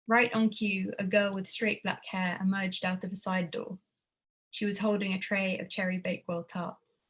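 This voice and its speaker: A woman reading her own prose at a literary evening, measured with a wry tone. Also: mid-range voice, flat delivery, fairly bright tone. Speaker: student writer reading her work.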